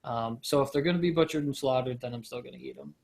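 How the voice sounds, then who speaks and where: A man's voice: medium pitch, fast talker, vocal fry. Rambling, jokey man in casual chat. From United States. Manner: rambling, jokey, trails off quietly. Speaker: podcast co-host.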